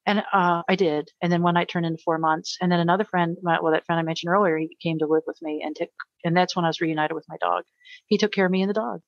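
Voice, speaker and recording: A woman's voice: on the low side, fairly even intonation, quick pace, gravelly, no room sound, highs cut off. Earnest middle-aged woman telling her story. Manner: earnest, emotional storytelling with repetitions. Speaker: guest. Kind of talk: personal story in an interview.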